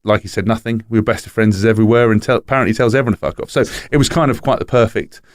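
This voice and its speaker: A man's voice: on the low side, very fast, no room sound. A man telling stories in casual podcast chat, swearing freely and acting out quotes. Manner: animated storyteller, swears freely, acts out quotes. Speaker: podcast guest telling anecdotes.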